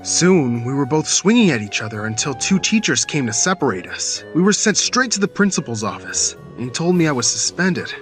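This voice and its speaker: Lively, high-voiced male storyteller. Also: fairly quick, few pauses, faint music behind. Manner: dramatic, bursts into shouted quotes. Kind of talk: scripted storytime narration.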